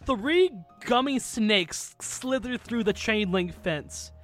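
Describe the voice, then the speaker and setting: Woman game master, tabletop narration, lively, very animated pitch, faint music behind. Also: takes it slowly, dry recording. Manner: lively, laughs often.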